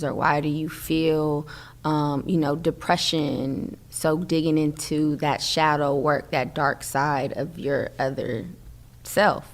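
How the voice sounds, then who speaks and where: A woman guest in an interview, talking about personal growth in an earnest, reflective way. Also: deep voice.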